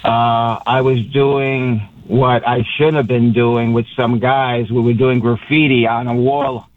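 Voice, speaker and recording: A man's voice: mid-range voice, little pitch movement, slow. A middle-aged man from Puerto Rico speaking as a radio guest, passionate and rambling, with many restarts. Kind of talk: emotional phone interview. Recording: tinny phone line.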